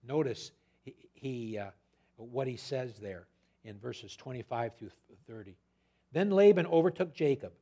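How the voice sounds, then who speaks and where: A male preacher delivers an expository sermon conversationally and with animation, retelling scripture and adding his own asides. His voice is mid-range and his pace measured.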